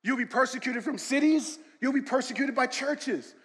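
A male pastor preaching a sermon, swinging from shouted emphasis to quiet storytelling. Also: very high-pitched, moderate pace. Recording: long hall reverb.

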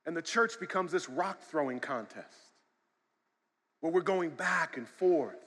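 High-voiced pastor preaching in a hall. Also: male voice, animated, unhurried. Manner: swings from loud shouted emphasis to quiet storytelling. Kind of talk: sermon. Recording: long hall reverb.

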